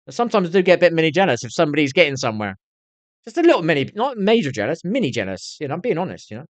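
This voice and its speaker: On a live stream, a middle-aged man rambles candidly to his viewers in a casual chat, swearing constantly. His voice is fairly high and sing-song, delivered rapid-fire on a dry recording.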